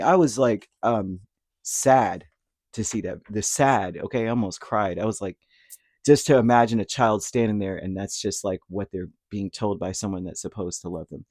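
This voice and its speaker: Low-voiced man giving a rambling tarot reading. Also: brisk, a little mellow, no room sound, studio quality. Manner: rambling, conversational, frequent fillers and asides. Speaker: tarot reader. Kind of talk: casual tarot reading monologue.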